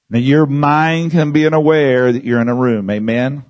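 A male preacher teaching a congregation and walking them through exercises step by step. He repeats his phrases, drops in "Amen" often and calls for the crowd to answer. His voice sits at an ordinary middle pitch. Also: steady tone, moderate pace, few pauses, a little mellow. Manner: guides the audience through exercises with call-and-response. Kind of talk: sermon teaching.

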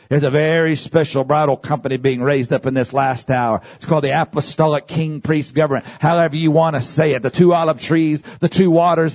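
A man preaching a sermon in church, building from calm teaching to fervent shouted calls of amen and hallelujah. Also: medium pitch, creaky.

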